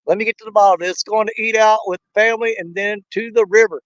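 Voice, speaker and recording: Out on a river, a folksy older Missourian runs a fishing livestream, joking with his viewers and laughing a lot in casual chat. He talks fast in a high, steady, slightly bright voice, and the recording is muffled and dry, with no room sound.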